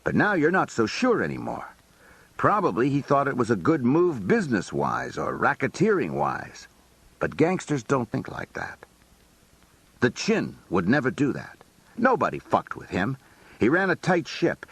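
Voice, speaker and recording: A man's voice: mid-range voice, very animated, moderate pace, slightly rough, no echo. A man narrating a first-person memoir in a colloquial, streetwise storytelling manner. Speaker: audiobook narrator.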